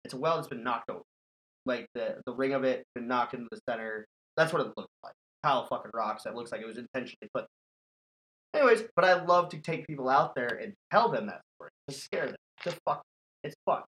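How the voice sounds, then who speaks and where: A man's voice: mid-range voice, animated, brisk, a bit bright, low-quality recording. A man hosting a podcast, telling a scary story in casual, profane chat and laughing often. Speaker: podcast host.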